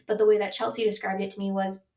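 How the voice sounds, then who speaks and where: A woman's voice: medium pitch, little pitch movement, quick pace, gravelly, dark tone, distant mic. A woman sex coach hosts her own podcast and talks candidly in a loose, chatty way, full of likes and restarts. She speaks from a room at home, sitting a little back from the mic, so her voice carries a roomy echo. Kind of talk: casual solo podcast talk.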